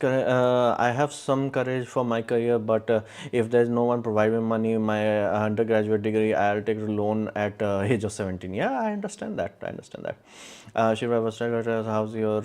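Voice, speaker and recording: A man's voice: on the low side, darkish tone. A young man hosting a casual live stream, answering chat questions in a rambling, opinionated way with many fillers and restarts. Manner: opinionated, explains engineering in plain terms. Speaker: livestream host.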